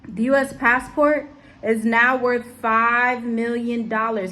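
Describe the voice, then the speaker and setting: A woman giving casual commentary to her viewers, animated, repeating herself for emphasis. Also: fairly high pitch, slow pace. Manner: animated, repetitive, talks straight to viewers. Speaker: vlogger. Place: abroad, home setting.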